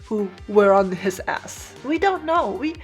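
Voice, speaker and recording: A woman talking in a casual, excited ramble over a drawing video, laughing often and tripping over her words. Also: medium pitch, measured pace, soft background music. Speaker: video creator theorizing over a speedpaint.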